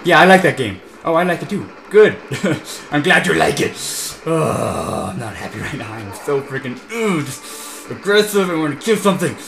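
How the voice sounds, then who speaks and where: A young man doing let's play commentary, ranting in frustration at a racing game and mixing shouts with laughter. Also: a little high, big pitch swings, moderate pace, gravelly, hardly any pauses. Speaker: gameplay commentator. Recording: echoey room with game music.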